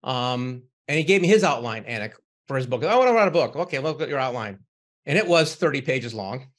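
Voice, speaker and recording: A man guesting on a podcast as a book publisher, telling brisk anecdotes about clients. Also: medium pitch, animated. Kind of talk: casual interview.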